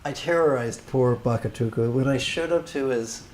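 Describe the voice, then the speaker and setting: A man's voice: medium pitch, normal speed, a little mellow. Emphatic male meditation teacher. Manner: emphatic, humorous, with repetitions and asides. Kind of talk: livestreamed dharma talk.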